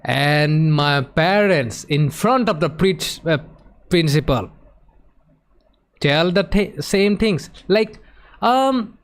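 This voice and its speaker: A man streaming, telling a personal story in an emotional, animated way and acting out the other people's voices. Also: on the high side, slow pace, clean tone. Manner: emotional, animated retelling that acts out quoted voices. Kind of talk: casual storytelling on a live stream.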